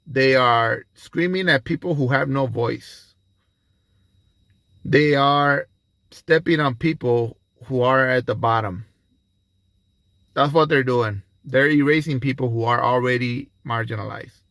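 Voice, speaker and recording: A man's voice: medium pitch, unhurried, creaky, a bit bright, no room sound. A man giving an angry, profane reaction commentary, ranting heatedly.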